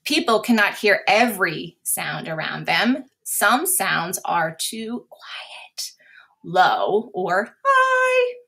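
A woman's voice: lowish voice, animated, slow, gravelly, few pauses, pushed and bright, slightly rough. A woman teacher reading a simple science lesson aloud, patiently repeating key words and sometimes dropping to a whisper for examples. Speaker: special education teacher. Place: classroom or home, recorded for remote lesson.

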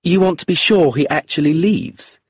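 A man voicing a young woman secretary who is cool and sharp, in a raised, light voice for a storybook reading. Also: fairly high pitch, lively intonation, normal speed, husky, no echo, voice pushed up. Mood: calm.

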